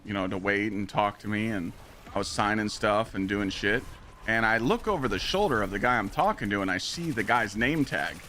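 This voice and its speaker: A man streaming live, telling a story in a casual, profane and animated way. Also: fairly low pitch, a little hiss or hum.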